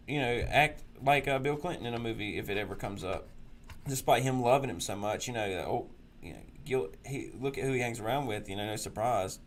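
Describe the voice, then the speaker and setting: A man's voice: medium pitch, a little hiss or hum. A man hosting a political talk show, ranting crudely and mocking people in sneering put-on voices. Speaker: podcast host.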